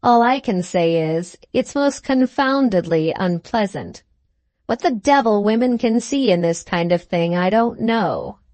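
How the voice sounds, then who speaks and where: A cold, sneering husband from an audiobook, drawling each word slowly and cuttingly, as a woman narrator reads him. His lines sit in a middling register and sound dry and close, with no room around them. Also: mid-range voice, expressive, a little mellow, no echo, lightly acted. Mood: cold menace. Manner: superficial drawl, slow and cutting. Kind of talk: audiobook character reading.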